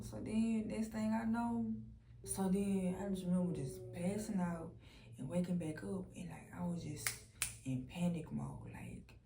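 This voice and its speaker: A woman's voice: medium pitch, noisy background. Candid young woman telling her story. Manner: candid, profane, lots of "like" fillers. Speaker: vlogger sharing a personal testimony. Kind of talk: casual storytelling testimony. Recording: roomy echo.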